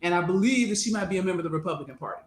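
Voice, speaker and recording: A woman's voice: on the low side, lively intonation, rapid-fire, echoey room. A woman co-hosting a political chat show, brash and profane, with a joking manner. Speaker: podcast co-host.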